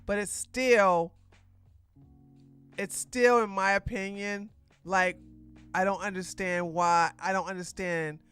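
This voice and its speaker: A woman's voice: mid-range voice, fairly bright tone, smooth. A woman hosting a political news livestream, talking loosely with many restarts and asides. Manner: rambling, restarts, talks back to clips. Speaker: podcast host. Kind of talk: casual political commentary livestream.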